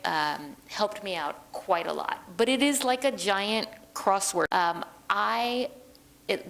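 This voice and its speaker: A woman translator and librettist talking through her craft in a relaxed interview, thoughtful and chatty, often pausing with ums. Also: on the low side, rough recording. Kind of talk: conversational interview.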